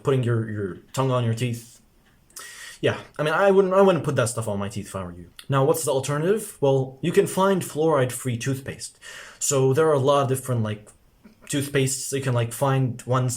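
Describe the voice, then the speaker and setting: A man's voice: medium pitch, a little mellow. A young man talking casually to camera as a self-improvement coach, rambling with constant filler words and frequent swearing. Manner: rambling, heavy filler words, swears freely, says "bro".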